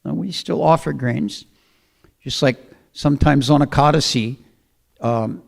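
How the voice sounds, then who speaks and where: Gravelly man telling a sacred story. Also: medium pitch. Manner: conversational, with frequent fillers and throat clearing. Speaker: speaker giving a scripture talk. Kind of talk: storytelling sermon.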